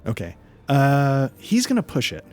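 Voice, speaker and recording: A man narrating as game master, relaxed and hesitant, with frequent fillers. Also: medium pitch, measured pace, soft background music.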